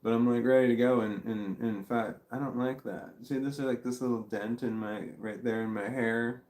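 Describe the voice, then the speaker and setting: A middle-aged man vlogging in casual chat, rambling and halting, with blunt swearing. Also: medium pitch, fairly even intonation, darkish tone, echoey room.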